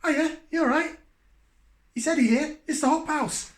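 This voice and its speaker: A man's voice: extremely high pitch, normal speed. A man, hosting a casual beer review in a rambling, self-deprecating way. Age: 40s. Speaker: beer reviewer, channel host. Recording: echoey room.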